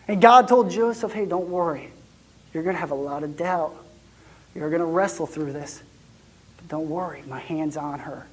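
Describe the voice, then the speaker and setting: A man acting out an excitable young shepherd in a first-person church monologue, chatty and lively, then dropping to hushed tones. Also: a little high. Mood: hushed awe.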